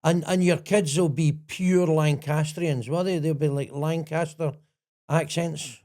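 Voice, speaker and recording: A Scottish man with a fairly high voice co-hosts a casual chat. He jokes around and stumbles over his words, restarting his sentences. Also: fairly even intonation, a little slow, dark tone. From Scotland. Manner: jokey, hesitant with many restarts. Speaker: podcast co-host.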